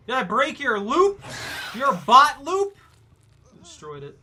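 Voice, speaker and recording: A man casually commentating his own gameplay, talking to himself and breaking into sudden loud whoops. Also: very high-pitched, huge pitch swings, takes it slowly, long pauses, noisy background. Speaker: gaming streamer.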